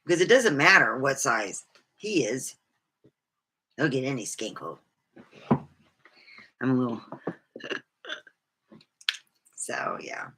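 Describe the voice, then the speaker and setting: Bright-voiced woman telling her story frankly. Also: very deep voice, big pitch swings, takes it slowly, long pauses, husky. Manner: candid, rambling, swears freely. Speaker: vlogger. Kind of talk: personal storytelling monologue.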